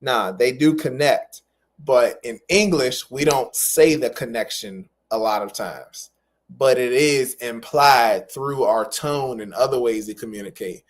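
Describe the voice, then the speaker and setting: A man's voice: mid-range voice, unhurried. A man coaching interpreters in a live-stream feedback lesson. He explains things patiently and encouragingly, repeating his key phrases.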